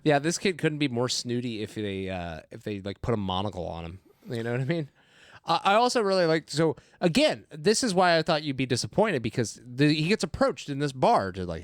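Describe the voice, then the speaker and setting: A man's voice: a little high, big pitch swings, a little fast, no echo, clean studio sound. A man co-hosting a movie podcast, chatting casually, laughing often and acting out quotes from the film. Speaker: podcast co-host. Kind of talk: casual movie review chat.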